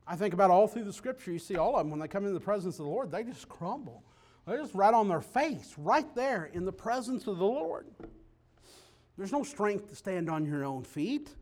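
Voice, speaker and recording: High-voiced emphatic preacher man. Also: sing-song, fairly quick. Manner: emphatic, swings from quiet to loud declarations. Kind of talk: sermon.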